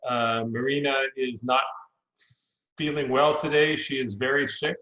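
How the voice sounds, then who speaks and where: A man taking part as a student in an online class, answering haltingly with many hesitations. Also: medium pitch, steady tone, fairly bright tone, roomy sound, highs cut off.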